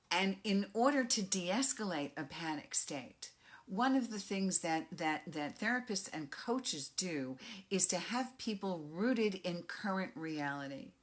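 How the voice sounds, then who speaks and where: A woman's voice: on the low side, fairly bright tone. A middle-aged woman with a New York accent, a life coach giving a direct, emphatic motivational talk. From Bronx, New York. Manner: emphatic and direct, punches key phrases. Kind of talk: motivational monologue.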